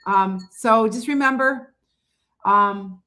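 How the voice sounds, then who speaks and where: A woman's voice: fairly high pitch, slow, bright, forceful tone. A woman giving psychic readings on a casual livestream, chatting loosely and often losing her train of thought. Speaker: psychic reader.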